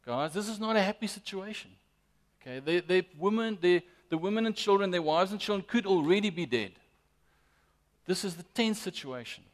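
A man preaching a sermon as pastor, emphatic and lively, often addressing the congregation directly. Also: high voice, moderate pace. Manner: lively, emphatic preaching with frequent "guys" and "amen".

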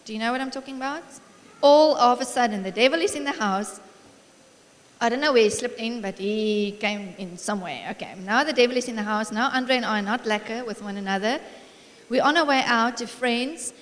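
A middle-aged woman preaching a sermon in a church hall, warm and encouraging, telling family stories with frequent laughter. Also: on the high side, a little fast. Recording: long reverb of a large hall.

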